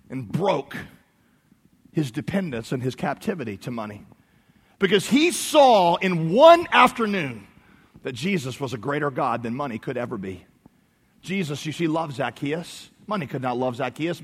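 A man preaching a sermon, swinging between soft low emphasis and loud, high outbursts. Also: husky, in a large hall. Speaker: pastor.

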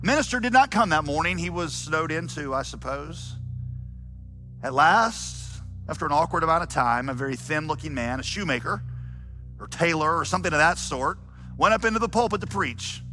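A male pastor preaching a sermon, dramatic and building to shouts. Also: on the high side, lively intonation, moderate pace, faint music behind. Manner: dramatic, rising to shouts when quoting.

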